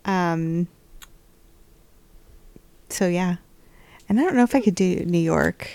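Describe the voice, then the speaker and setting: A woman's voice: lowish voice, slow pace, creaky, darkish tone, no echo. Woman guest rambling on a podcast, dry close sound. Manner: chatty and rambling. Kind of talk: casual chat.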